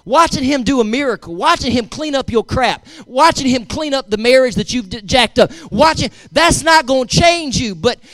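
A man's voice: extremely high pitch, animated, moderate pace, hardly any pauses, fairly bright tone. A male pastor preaching a sermon, emphatic and repetitive, talking straight to his congregation.

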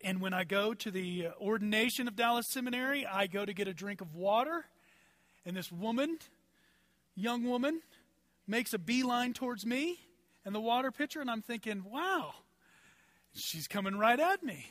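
In a dry, studio-quality recording, a man preaches a sermon as pastor, talking conversationally, telling personal stories and stacking up rhetorical questions to make his points. His voice sits high and a bit bright, at a moderate pace.

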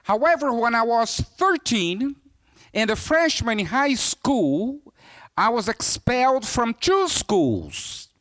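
A man's voice: extremely high pitch, slow pace. A man from Brazil preaching as a missionary, telling stories and acting out the voices of people in them. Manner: animated storyteller, acts out quoted voices. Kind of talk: sermon storytelling.

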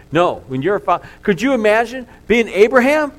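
A middle-aged man preaching, his voice sitting a little high for a man. He tells the story earnestly, pushing some lines out loudly and letting others sink to a hush. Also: very animated, a little fast. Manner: earnest storytelling, swings from loud to hushed. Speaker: pastor. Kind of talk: sermon.

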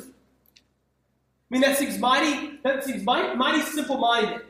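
A man's voice: very high voice, unhurried, a bit bright. A man preaching a sermon as pastor, in a conversational, emphatic way with frequent repeats and restarts. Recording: echoey hall, speaker far from the mic.

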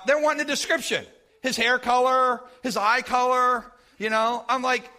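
A man preaching in a church, telling a personal story in an animated way and acting out what was said. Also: very high voice, moderate pace. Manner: animated, acts out shouted quotes. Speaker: pastor. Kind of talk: sermon storytelling.

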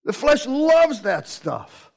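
A man preaching a sermon with animated delivery, acting out the voices he quotes. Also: extremely high pitch, slow, vocal fry, rough recording.

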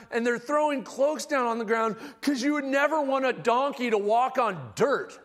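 A man preaching a sermon, telling the story in a casual, animated and humorous way. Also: very high voice, normal speed, few pauses. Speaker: pastor. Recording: long hall reverb.

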